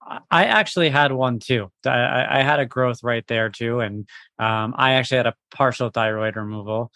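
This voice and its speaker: A man's voice: medium pitch, normal speed, pushed and bright, no echo. A man hosting a podcast, asking follow-up questions and giving brief affirmations. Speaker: podcast host. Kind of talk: interviewing.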